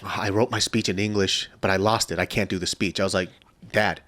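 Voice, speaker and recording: A man in his thirties hosting a podcast, telling stories in a casual, animated way, swearing often and laughing a lot. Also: sits low, brisk. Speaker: podcast host. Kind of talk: casual chat.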